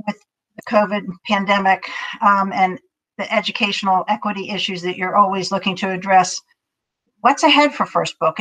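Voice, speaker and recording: A woman's voice: mid-range voice, fairly bright tone, poor audio. Affirming woman interviewer, mid-range voice. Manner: affirming, asks long questions. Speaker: interviewer, host. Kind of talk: conversational interview.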